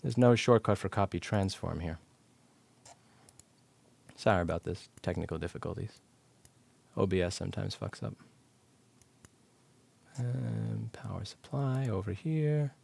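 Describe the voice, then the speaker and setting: A man's voice: on the low side, unhurried, creaky, pauses often, a little mellow. A man teaching electronics repair on a live stream, blunt and sarcastic, cursing casually as he explains the circuit step by step. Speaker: repair instructor. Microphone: clip-on mic.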